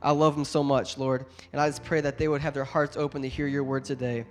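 A young pastor preaching a sermon to his congregation, a little stuffed up from a cold, building to emphatic, loud exhortation between warmer, quieter asides. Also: medium pitch, little pitch movement, fast talker. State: congested from a cold. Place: church service with a congregation.

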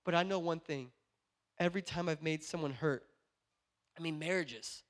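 Earnest young male preacher, high voice. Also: moderate pace. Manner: builds from quiet earnest talk to passionate shouting. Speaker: pastor. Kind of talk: sermon.

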